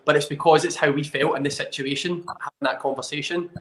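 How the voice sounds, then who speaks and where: A man's voice: a little high, fairly even intonation, quick pace, a bit bright. Earnest man in a roomy echo. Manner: earnest, enthusiastic, restarts often. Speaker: fitness trainer, guest. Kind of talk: casual conversational interview.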